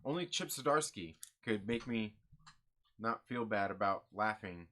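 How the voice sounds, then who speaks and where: A man's voice: lowish voice, lively intonation, a little slow, pushed and bright. A man hosting a comic book channel, chatting casually and answering viewer comments in an upbeat, rambling way with lots of fillers.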